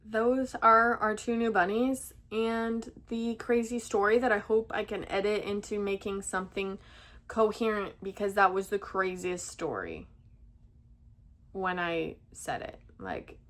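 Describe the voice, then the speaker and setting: A woman's voice: medium pitch, a little slow, fairly bright tone. Chatty young woman telling a story. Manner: chatty, rambling, lots of fillers and restarts. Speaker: vlogger. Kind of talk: casual storytelling to camera. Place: at home with pet rabbits.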